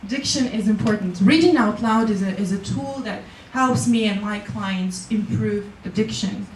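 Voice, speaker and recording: Lively woman, echoey hall. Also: medium pitch, normal speed, far from the mic, slight background noise. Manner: lively, laughs often, acts out quoted people. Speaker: keynote speaker. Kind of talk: motivational public speech. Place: conference hall.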